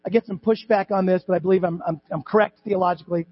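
A man's voice: sits high, steady tone, fast, breathy edge. A man preaching a conversational sermon as pastor in a church, repeating words and adding asides to the congregation. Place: church sanctuary. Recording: dull lo-fi with mains hum.

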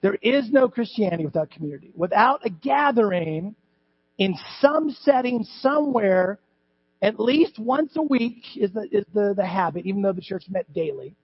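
Husky high-voiced pastor preaching. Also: male voice, animated, normal speed. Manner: conversational preaching with repetitions and asides. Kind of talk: sermon. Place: church sanctuary. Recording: dull lo-fi with mains hum.

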